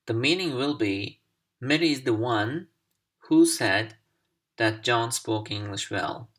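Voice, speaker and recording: A man teaching English over slides, speaking slowly and deliberately with careful pauses. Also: mid-range voice, expressive, fairly bright tone. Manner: slow, deliberate, carefully paced. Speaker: English language instructor. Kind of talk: slide-based recorded lesson.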